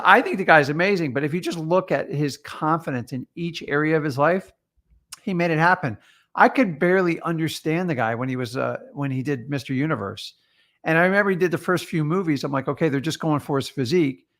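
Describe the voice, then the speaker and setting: Middle-aged male co-host, earnest storytelling coach, fairly high voice. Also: a bit bright. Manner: earnest, storytelling, hesitant fillers. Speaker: real estate coach, co-host. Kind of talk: motivational talk.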